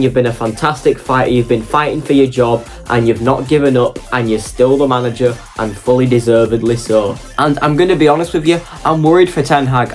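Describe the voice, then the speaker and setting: A man's voice: mid-range voice, a little mellow. A man delivering a passionate, opinionated football fan monologue for his vlog.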